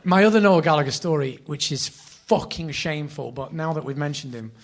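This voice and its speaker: A man in his thirties with a Greater Manchester accent, telling lively, sweary anecdotes as a podcast guest. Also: on the high side, brisk. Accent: Northern English (Greater Manchester). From Bury, England. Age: 30s. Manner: animated storyteller, swears freely, laughs often. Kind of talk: casual chat, anecdotes.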